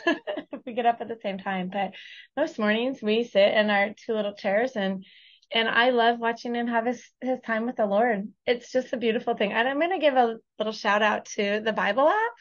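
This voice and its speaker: A woman's voice: on the high side, moderate pace, highs cut off. A woman speaking as a podcast guest, gushing and laughing easily in casual conversation.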